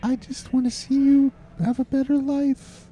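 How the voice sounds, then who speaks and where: High, slow, dark-toned role-player mother. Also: level tone. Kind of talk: comedic role-play.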